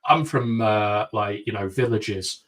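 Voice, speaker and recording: A man's voice: on the low side, takes it slowly, fairly bright tone, far from the mic. A man co-hosting a casual podcast chat, making dry, sarcastic jokes. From North East England. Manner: dry, joking, with sarcastic asides. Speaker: podcast co-host.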